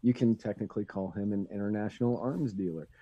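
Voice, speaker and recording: A man's voice: fairly low pitch, fast, husky, muffled recording. A man in casual political chat, telling a story in a laid-back way with many fillers.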